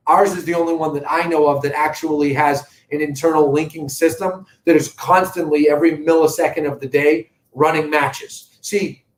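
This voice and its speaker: A man's voice: a little high, echoey room, slight background noise, rough recording. A middle-aged man with a Boston accent hosting a live real estate update, talking to viewers in an earnest, emphatic sales manner. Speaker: real estate company host. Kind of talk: live video market update.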